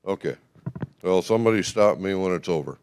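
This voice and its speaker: Brisk folksy man with a low voice. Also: expressive, a little mellow, smooth. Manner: brisk and folksy, with frequent fillers. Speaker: convention speaker. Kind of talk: informal speech at a party convention. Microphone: no microphone.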